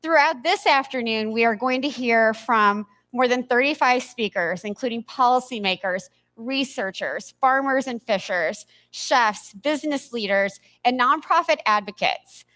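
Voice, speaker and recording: Woman, event host, upbeat, slightly high voice, conference stage, podium microphone. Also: a bit bright. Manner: upbeat, quick, with small slips and asides. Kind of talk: live event emcee address.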